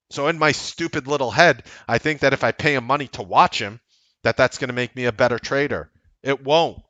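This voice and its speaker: A man hosting a trading livestream, talking bluntly and sarcastically, swinging from loud outbursts to low asides. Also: brisk, no echo. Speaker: trading coach and livestream host. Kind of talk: unscripted livestream commentary.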